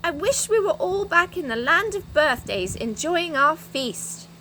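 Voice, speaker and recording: A woman reading a storybook voices Franny, an excited young girl. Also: very high voice, measured pace, a little hiss or hum, voice pushed up, full character voice. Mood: surprised.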